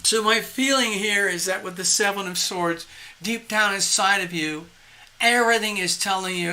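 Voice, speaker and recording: A medium-pitched tarot reader talks at a normal speed during a live reading. The delivery is rambling and lively, full of acted-out inner voices and laughter at their own jokes.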